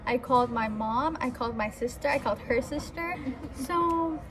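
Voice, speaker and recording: High-voiced young woman chatting. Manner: chatty, quick asides, lots of "like". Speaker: vlog co-host. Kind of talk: casual storytelling chat.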